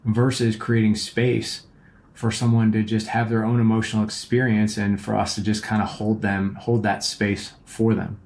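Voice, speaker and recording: Low-voiced guy with a gravelly edge, coaching other men on a podcast, earnest and rambly, keeps saying "right?". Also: level tone, moderate pace, darkish tone. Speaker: podcast host and relationship coach. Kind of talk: casual advice monologue.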